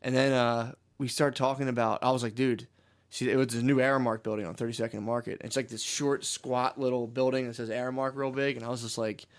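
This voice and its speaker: Dude rambling fast on a comedy podcast, says dude every other line, hyped storyteller. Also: male voice, mid-range voice, level tone. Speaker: podcast co-host. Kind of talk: casual comedy podcast banter.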